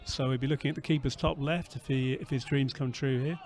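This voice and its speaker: A man's voice: mid-range voice, steady tone, a little fast, a little mellow. A man co-hosting outdoors at a football ground, giving good-humoured, self-deprecating live commentary on the play. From England. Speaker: podcast co-host. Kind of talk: casual live match commentary.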